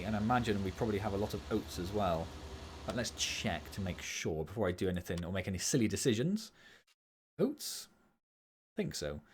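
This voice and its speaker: A man's voice: medium pitch, a little hiss or hum. A man streaming a farming game and chatting casually and jokily, laughing easily. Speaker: gaming streamer. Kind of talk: casual livestream gameplay chat.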